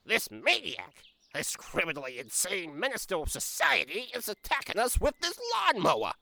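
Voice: huge pitch swings, moderate pace, pushed and bright, slight background noise, exaggerated voice. A performer voicing a furious, indignant garden gnome in an audio drama, blustering and threatening with overly formal insults. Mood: outraged. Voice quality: gravelly, swooping pitch.

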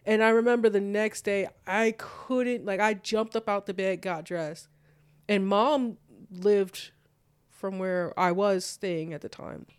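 A young woman tells a story from her own life in a relaxed conversation. She talks in loose, animated bursts, scatters "like" everywhere and slips into the voices of the people she quotes. The sound is dry and close, with no room behind her. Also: medium pitch, slow, clean tone, dry recording. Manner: animated, acts out both sides of quoted dialogue, frequent "like". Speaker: guest telling a personal story. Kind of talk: casual storytelling.

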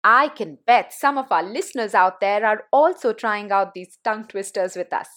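A woman's voice: mid-range voice, normal speed, a bit bright. A woman co-hosting a podcast about storytelling, playful and encouraging toward her co-hosts. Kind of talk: casual podcast chat.

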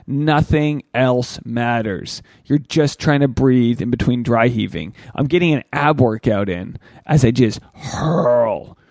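A man in his thirties hosting a solo podcast, rambling crude stories in a loose, animated way with sudden jumps up in pitch. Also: slow, creaky, few pauses, no room sound, studio quality. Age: 30s. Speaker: podcast host.

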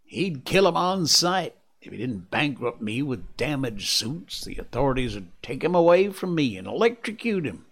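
A man voicing a troubled, short-tempered gentleman who speaks in an emphatic, clipped way, pitched a little above his own voice. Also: big pitch swings, moderate pace, hardly any pauses, husky. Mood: exasperated.

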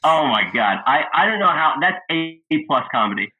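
An excitable man talks through favorite comedy scenes in a casual podcast chat. His voice comes through narrow and phone-like. He keeps cracking himself up as he retells each gag. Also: fairly high pitch, normal speed, slightly rough. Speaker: podcast host. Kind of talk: casual movie review chat. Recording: thin phone-like sound.

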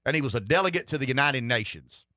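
A man's voice: mid-range voice, animated, quick pace, sharp tone, no room sound, studio quality. A middle-aged man hosting a political talk radio show, rambling and wry, with lots of restarts. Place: radio studio.

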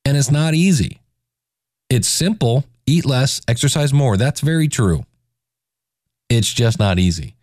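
A man's voice: mid-range voice, animated, a little slow, pauses often, darkish tone, no echo, studio quality. A man in his forties hosting a casual solo podcast, talking in a self-deprecating, joking way. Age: 40s. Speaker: podcast host.

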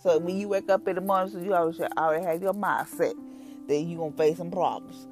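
A woman's voice: on the low side, fast, soft background music. Folksy woman sharing a devotional. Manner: conversational, folksy, animated retelling. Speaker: devotional podcast host. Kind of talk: casual devotional talk.

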